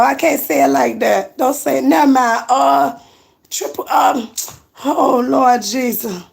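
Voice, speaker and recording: A woman's voice: sits high, gravelly. A woman chatting casually on a live stream from her apartment, teasing viewers and answering their comments aloud.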